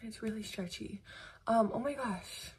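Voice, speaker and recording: This woman from the United States gushes cheerfully to her phone camera during a casual vlog chat at home. Her pitch is fairly high and her tone darkish with a breathy edge, delivered at normal speed.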